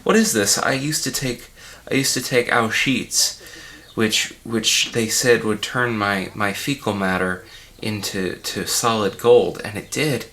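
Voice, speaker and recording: A man's voice: on the low side, unhurried, pushed and bright. A man playing an unwell, pompous male art-film director who rambles and panics in an improvised comedy commentary track. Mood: rambling. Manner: rambling, self-important, panicky. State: unwell and dizzy.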